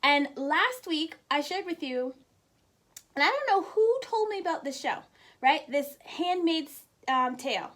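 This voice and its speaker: A high-pitched woman hosts a casual, inspirational live stream. She is chatty and laughs often as she speaks straight to her viewers, calling out their names. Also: sing-song, measured pace, a bit bright. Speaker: host of a weekly live show.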